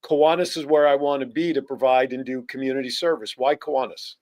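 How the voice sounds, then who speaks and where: A man hosting a live-streamed club show, asking questions and reflecting in a measured way. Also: mid-range voice, fairly even intonation, darkish tone. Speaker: show host. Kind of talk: interview talk show.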